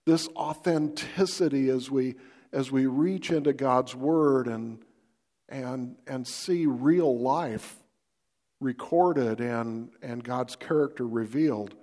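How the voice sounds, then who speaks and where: Slow, folksy male pastor. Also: fairly high pitch, darkish tone, big-room sound. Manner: folksy, conversational, asks the listener questions. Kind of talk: devotional sermon to camera.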